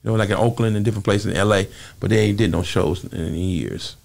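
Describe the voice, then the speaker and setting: A man who is a former singer, telling lively stories in an interview and acting out the voices of other people in them. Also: creaky. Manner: quick, lively storytelling, acting out quoted voices with big jumps in pitch. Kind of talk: animated storytelling interview.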